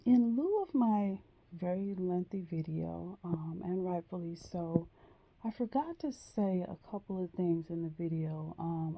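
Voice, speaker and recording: A woman telling a personal story in a slow, hesitant way, with frequent pauses and ums. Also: fairly low pitch, gravelly, mellow. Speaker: vlogger.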